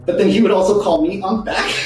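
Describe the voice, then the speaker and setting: A man's voice: high-pitched, brisk, echoey room, over music, low-quality recording. A man who is a voice actor, chatting casually as a podcast guest and slipping into character voices. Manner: animated, slips into character voices.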